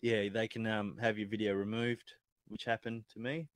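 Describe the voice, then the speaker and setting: A man's voice: lowish voice, flat delivery, normal speed, dry recording. An Australian man, a guest on a live-streamed chilli-eating chat, talking freely and swearing casually.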